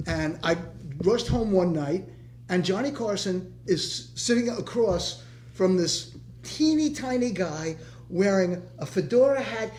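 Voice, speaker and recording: A man's voice: high-pitched, lively intonation, unhurried, a little mellow. An older man, a former teacher, telling a long story with many restarts at a community discussion. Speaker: retired teacher in audience. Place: meeting room.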